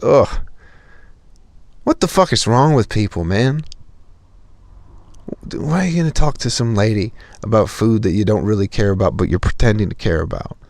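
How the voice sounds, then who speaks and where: A man's voice: lowish voice, a little mellow, no room sound. A young man telling a profane, exasperated story as a podcast host in a casual comedic rant.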